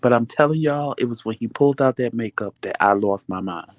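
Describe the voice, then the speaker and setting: A man's voice: mid-range voice, brisk. A man hosting a vlog, chatting casually to viewers and dramatically acting out what people said. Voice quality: dramatic, chatty, acts out quotes. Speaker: vlog host.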